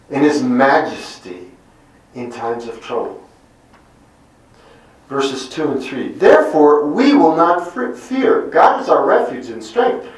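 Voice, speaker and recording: A middle-aged man preaching a Bible teaching sermon, deliberate and lingering on single emphatic words. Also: medium pitch. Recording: very echoey room, mic at a distance.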